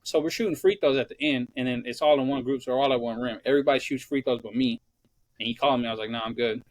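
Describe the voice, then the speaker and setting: A man's voice: mid-range voice, very fast. A young man co-hosting a podcast, telling profane stories in casual chat and acting out what people said. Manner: profane, animated storyteller acting out quotes. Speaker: podcast co-host.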